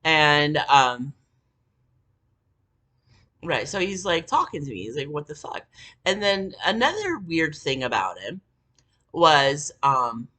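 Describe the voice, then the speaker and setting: A woman's voice: low-pitched, very animated, slow, long pauses, pushed and bright. A middle-aged woman telling a story in a casual monologue, rambling and swearing, with lots of fillers and an indignant edge. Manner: rambling, profane, many fillers. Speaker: vlogger.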